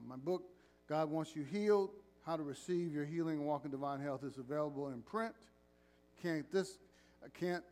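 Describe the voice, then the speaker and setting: A man's voice: fairly high pitch, a little mellow. A man preaching as pastor in a church, calling for responses and joking with the congregation. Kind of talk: sermon with announcements.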